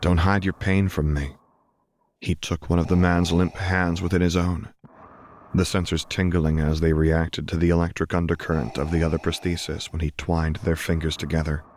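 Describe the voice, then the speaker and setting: Deep-voiced male audiobook narrator. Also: monotone, moderate pace, a little mellow. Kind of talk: audiobook reading of fan fiction.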